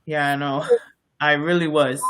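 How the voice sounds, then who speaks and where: A man's voice: fairly high pitch, level tone, unhurried, fairly bright tone. A man co-hosting a podcast, telling stories in a rambling, casual way with many fillers and restarts. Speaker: podcast co-host. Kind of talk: casual storytelling chat.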